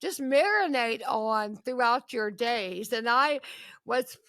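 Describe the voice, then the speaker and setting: Bright high-voiced enthusiastic woman host. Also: animated, takes it slowly, clean tone, no echo, poor audio. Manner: effusive and enthusiastic, gushing praise. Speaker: podcast host. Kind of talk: podcast interview.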